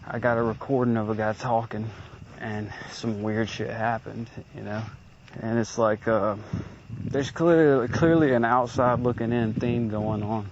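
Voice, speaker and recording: A man in his late twenties rants into a handheld recorder outdoors, cursing freely as he vents his frustration. His voice sits at an ordinary middle pitch for a man. The lo-fi recording sounds dull, with faint background noise. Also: darkish tone. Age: late 20s. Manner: profane, agitated rant. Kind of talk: venting monologue recording.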